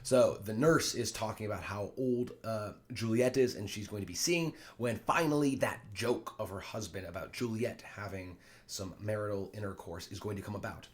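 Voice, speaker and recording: A man's voice: fairly low pitch, normal speed. A man teaching a play line by line, reading quoted lines in raised voices and then explaining them plainly.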